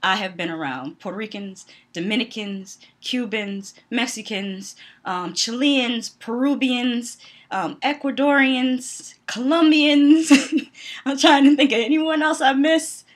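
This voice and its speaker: A woman's voice: a little high, slow pace. A young adult woman from the Northeastern US, giving casual commentary on a reality TV show in her vlog. She is blunt and opinionated, laughs often and fills her talk with "um"s. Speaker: vlogger.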